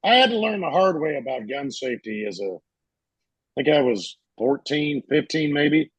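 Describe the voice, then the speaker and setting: A man, a podcast co-host telling a story in a casual, animated way and acting out the voices in it. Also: on the high side, moderate pace, husky, no room sound. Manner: animated, acts out voices in his stories.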